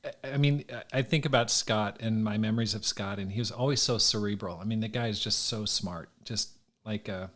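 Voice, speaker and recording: A man hosting a podcast interview who talks in a relaxed way, often restarting and repeating words as he thinks. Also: on the low side, a little fast. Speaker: podcast host. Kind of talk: conversational interview.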